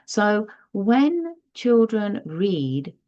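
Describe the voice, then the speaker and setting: A woman's voice: mid-range voice, big pitch swings, extremely slow, dark tone, dull audio. A woman teaching parents in an online lesson, patient and explanatory, stressing key terms as she goes. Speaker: parent tutor.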